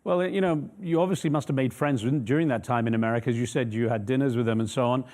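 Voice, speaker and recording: A male news interviewer who talks quickly and asks probing questions. His questions are measured, and his voice sits at an ordinary middle pitch. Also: a little mellow.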